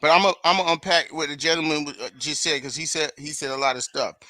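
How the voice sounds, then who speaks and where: A man's voice: fairly high pitch, steady tone, quick pace, sharp tone, no room sound. A man co-hosting a casual boxing debate, emphatic, pushing back and demanding proof. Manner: emphatic, pushes back, curses. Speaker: boxing show co-host.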